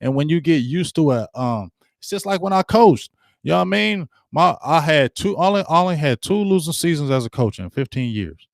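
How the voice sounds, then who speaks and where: A middle-aged sports talk host rants passionately to his live viewers, full of slang and repetition. His voice is on the high side and creaky, with lively intonation and a normal speed, in clean studio sound with no room sound.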